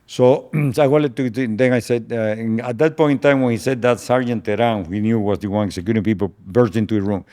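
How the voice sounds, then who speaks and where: An older man whose first language is Spanish, recounting a past event in an interview as a slow, solemn storyteller who often stops and repeats words. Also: medium pitch, warm tone.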